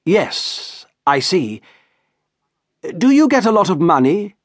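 A man reading an audiobook, voicing a reserved, courteous gentleman who is ill at ease. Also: high voice, big pitch swings, takes it slowly, no room sound, clean studio sound, voice pushed up, heavily acted. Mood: uneasy, polite. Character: polite, uneasy gentleman visitor, male. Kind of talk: audiobook character voice.

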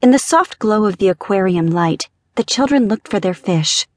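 A woman narrating a young-adult fantasy audiobook in a gentle, measured reading. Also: medium pitch, expressive, dry recording. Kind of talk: scripted narration.

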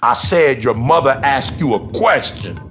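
A man voicing a big, stern old-school father who speaks in a firm, low, commanding way. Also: lively intonation, a little slow, a bit bright, slightly rough, faint music behind.

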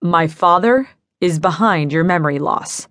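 A woman's voice: lowish voice, a little slow, a bit bright, dry recording, studio quality. A woman voicing an earnest, angry young man in an audiobook, speaking in an urgent, serious manner.

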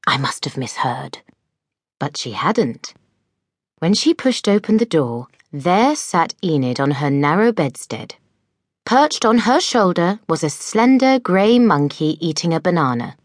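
A woman narrating a children's audiobook with expressive storytelling. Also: on the low side, measured pace, no echo, clean studio sound. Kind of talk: scripted narration.

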